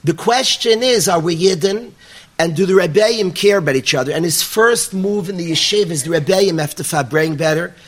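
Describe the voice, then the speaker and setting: Earnest high-voiced man preaching. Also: fairly quick. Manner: earnest, emphatic, repetitive phrasing. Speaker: rabbi teaching yeshiva students. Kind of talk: sermon with storytelling. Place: room with a live audience.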